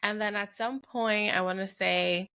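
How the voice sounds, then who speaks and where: A young adult woman co-hosting a podcast, telling personal stories in a candid, animated way with lots of fillers. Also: mid-range voice, a little slow, smooth. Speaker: podcast co-host. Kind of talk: casual chat.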